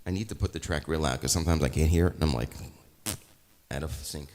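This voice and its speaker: Deep-voiced rambling man, chatty. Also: fast talker, a little mellow, long reverb tail, slight background noise. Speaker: musician live-streaming. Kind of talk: casual live-stream chat.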